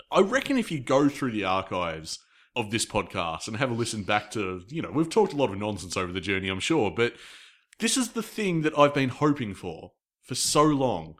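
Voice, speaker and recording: An Australian man co-hosts a podcast in casual chat, excitable and quick to laugh, with a mid-range voice.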